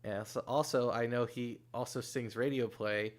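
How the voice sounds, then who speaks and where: A man's voice: medium pitch, fairly even intonation, normal speed. A man hosting a stream, reading out viewer questions in an easygoing way with filler words. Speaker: stream host.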